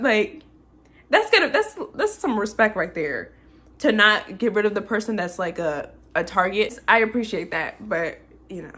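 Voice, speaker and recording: A woman's voice: mid-range voice, animated, brisk, a bit bright. A woman recapping a film in a casual rant, emotional and chatty, laughing between many fillers. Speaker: movie reviewer.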